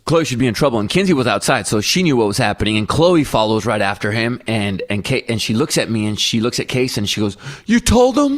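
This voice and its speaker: A middle-aged podcast co-host tells a family story in casual chat, acting out his kids' voices. His voice is on the low side, quick, with few pauses, captured as clean studio sound with no room sound.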